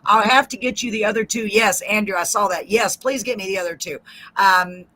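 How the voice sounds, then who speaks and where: A woman's voice: mid-range voice, brisk, pushed and bright. A middle-aged woman with a Texan accent, hosting a live show and chatting casually while reading viewer comments aloud. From Central Texas. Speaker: host of a live online show. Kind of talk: casual live-stream chat.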